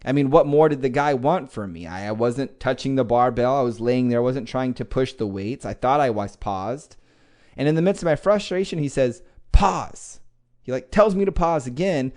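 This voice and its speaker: Brief: male podcast host, mid-pitch, animated motivational storyteller who swears casually. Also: fairly quick.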